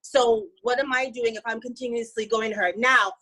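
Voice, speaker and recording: A woman with a slightly high voice gives a motivational pep talk to her team. She is upbeat and emphatic, with a casual, chatty way of talking. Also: steady tone, moderate pace, a bit bright, low-quality recording. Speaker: network marketing team member.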